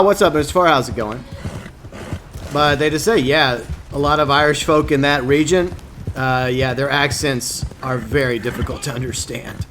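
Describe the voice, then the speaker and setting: A man's voice: medium pitch, fairly bright tone, a little hiss or hum. A man streaming a video game from home, chatting casually with viewers and often stumbling over his words in a self-mocking way. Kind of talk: casual chat with viewers while gaming. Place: home streaming setup, Louisiana.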